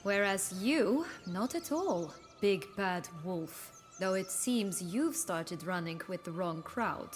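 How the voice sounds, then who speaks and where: An actress playing a scheming, exiled princess in a video game, sardonic and teasing. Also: female voice, medium pitch, lively intonation, slow, few pauses, in a large hall. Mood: mocking. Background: game music.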